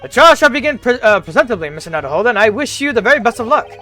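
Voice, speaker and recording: A man's voice: very high voice, big pitch swings, fast, bright, forceful tone, faint music behind, heavily acted. A man doing a pompous Victorian detective. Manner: pompous, grandiose.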